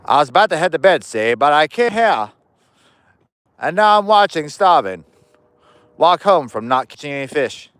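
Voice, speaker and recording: A man's voice: a little high, big pitch swings, normal speed, fairly bright tone, clean tone, dry recording. A man putting on a 1920s gangster voice, rattling off clipped lines and tagging them with "see", while walking outdoors. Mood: mocking. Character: fast-talking 1920s male gangster.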